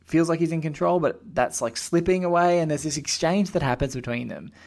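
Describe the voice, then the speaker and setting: A man's voice: a little high, a little fast, gravelly. Rambling male podcast host. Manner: excitable, rambling, acts out quotes. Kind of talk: casual film podcast chat.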